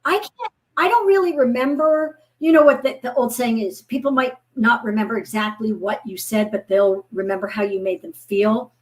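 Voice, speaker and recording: A woman in her fifties, a guest author, chatting casually and telling lively stories, acting out the voices of people she quotes. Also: on the high side, normal speed. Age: 50s. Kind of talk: casual chat.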